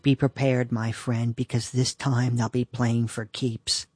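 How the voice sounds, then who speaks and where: A suspicious young sister with a hushed, ominous manner, as a man reading a story puts her on. She is soft and deliberate. Her voice is from a storybook reading. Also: medium pitch, flat delivery, husky, no room sound, clean studio sound, soft background music.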